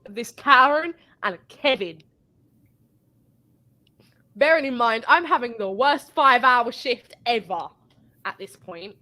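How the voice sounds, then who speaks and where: A woman's voice: a little high, sharp tone. A woman telling a work story in casual chat, rambling and swearing as she goes.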